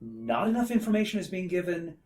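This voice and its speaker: Man, casual comedic podcast chat, reads passages aloud with silly voices, fairly high voice. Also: big pitch swings, a little fast, a little mellow. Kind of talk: casual comedic book discussion.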